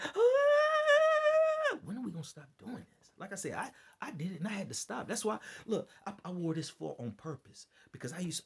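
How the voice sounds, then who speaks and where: A man's voice: fairly high pitch, vocal fry, darkish tone, breathy edge. A tired man speaking in a rambling, preachy vlog, repeating himself and appealing to his listeners. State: worn out and dead tired. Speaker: online preacher and commentator. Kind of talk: impassioned unscripted vlog commentary.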